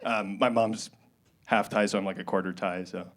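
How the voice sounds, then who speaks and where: A young man doing a live stand-up set on a club stage with a handheld mic, awkward and self-deprecating with absurd deadpan jokes. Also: fairly low pitch, normal speed. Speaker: stand-up comedian. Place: comedy club stage, indoors. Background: loud walk-on music at times.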